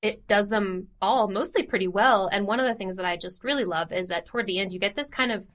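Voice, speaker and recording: Chatty woman podcast host, bright sharp voice, laid back recap vibe. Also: medium pitch, fast. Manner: lively, chatty and self-deprecating. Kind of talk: casual podcast chat and plot summary.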